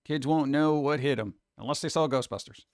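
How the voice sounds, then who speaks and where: A man hosting a live stream and chatting casually with viewers, animated and loose, often slipping into mock voices. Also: fairly high pitch, a little fast, no echo, studio quality. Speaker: streamer host.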